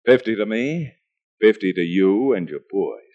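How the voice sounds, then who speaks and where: An actor playing a calm, cocky outlaw gunslinger who talks in clipped, menacing lines, in a 1940s radio western. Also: male voice, on the low side, a little slow. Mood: cool. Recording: dull old radio recording.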